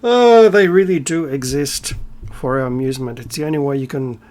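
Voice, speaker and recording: A man's voice: mid-range voice, normal speed, darkish tone. A man hosting his own channel, delivering a sarcastic, irreverent rant with swearing, bursts of emphasis and laughter. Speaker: channel host. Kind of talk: ranting solo vlog monologue.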